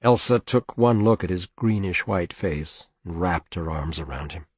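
A man reads a novel aloud in a steady, measured way. His voice is low. The recording is dry, with no room sound. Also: slightly rough, dry recording. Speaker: narrator. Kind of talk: audiobook reading of a novel.

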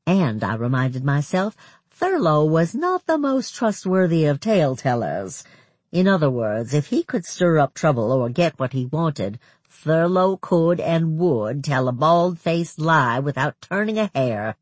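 A narrator reading a first-person novel aloud in an expressive storytelling manner. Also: medium pitch, measured pace, no room sound. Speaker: audiobook narrator.

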